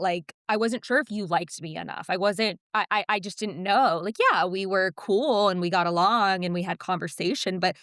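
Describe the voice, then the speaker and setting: A woman in her thirties co-hosting a podcast, talking candidly and self-deprecatingly about her fears, lively when she quotes herself. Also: medium pitch, no room sound, studio quality. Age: 30s. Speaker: podcast co-host. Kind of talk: casual chat.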